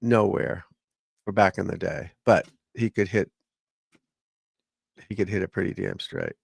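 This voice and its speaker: Gravelly-voiced man rambling on a livestream. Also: sits low, unhurried, no echo. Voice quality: vocal fry. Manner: rambling, swears offhandedly. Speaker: golf instructor. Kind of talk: casual livestream chat.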